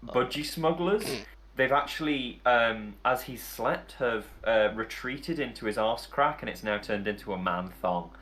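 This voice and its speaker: A man's voice: mid-range voice, lively intonation, a little slow, fairly bright tone. A man narrating as dungeon master in a tabletop game, telling the scene in a loose, amused way full of fillers. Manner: rambling, filler-heavy, amused storytelling.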